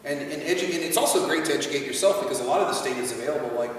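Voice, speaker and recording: An American man gives a university lecture in a casual, animated way, slipping into quoted voices. He is picked up from a distance in a large lecture hall with long reverb and a faint hiss. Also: fairly high pitch, rapid-fire. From United States. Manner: conversational, animated, quotes people in asides. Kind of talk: university lecture with audience questions. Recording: echoey hall from far off, faint noise.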